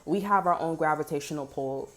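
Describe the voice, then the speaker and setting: A woman's voice: low-pitched, brisk, a bit bright. A woman giving a casual spoken tarot reading, blunt, heated and full of swearing. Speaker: tarot reader.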